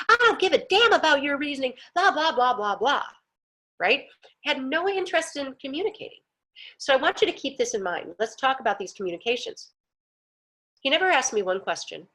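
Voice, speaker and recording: A woman's voice: mid-range voice, a bit bright. A middle-aged woman teaching a class, telling a personal story and acting out the voices she quotes. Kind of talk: personal story told as a lesson.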